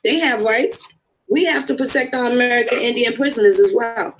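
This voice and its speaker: A woman's voice: a little high, fairly quick, a bit bright, a little hiss or hum, rough recording. A woman hosting a call-in talk show, answering with short affirming agreements.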